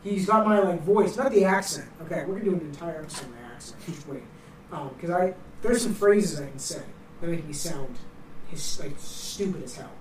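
A man's voice: a little high, expressive, fairly quick. A young man with a Boston accent, co-hosting a casual chat podcast and telling stories with lots of fillers. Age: young adult. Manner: storytelling with fillers. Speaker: co-host. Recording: roomy echo, distant mic, faint noise.

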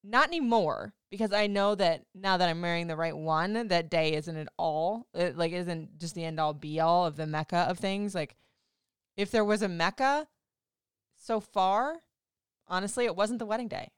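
A woman in her forties co-hosting a casual couple chat, animated and teasing, swearing freely. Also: lowish voice, moderate pace, clean tone, dry recording, studio quality. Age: 40s. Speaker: podcast co-host.

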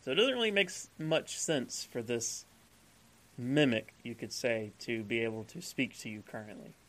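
A man running a tabletop game as game master, describing scenes in a loose, relaxed way. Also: mid-range voice, normal speed, low-quality recording.

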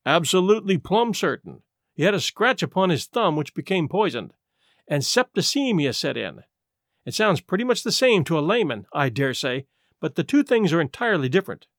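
A blunt doctor, played by a man in an audiobook, folksy and dismissive. His voice is lower than the reader's own and dry. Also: sing-song, normal speed, a bit bright, no echo. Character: blunt middle-aged male American doctor. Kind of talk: audiobook character voice.

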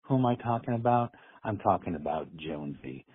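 A man's voice: low-pitched, expressive, brisk, breathy edge. A man calling in to a show, leaving an earnest, effusive voicemail that repeats phrases. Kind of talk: rambling call-in message. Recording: tinny phone line.

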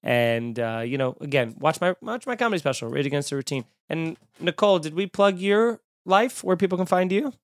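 Swearing freely, a comedian tells a self-deprecating story on his podcast, casual and animated throughout. He speaks briskly with few pauses in a slightly high voice, recorded at studio quality without room sound.

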